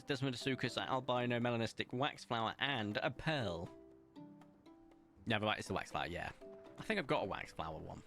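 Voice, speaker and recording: A man's voice: medium pitch, fairly bright tone. A young man streaming a game from a room at home, chatting and joking at his own expense while he plays. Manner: chatty, self-mocking, talks to chat while playing. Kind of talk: casual live-stream commentary. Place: home room with window open.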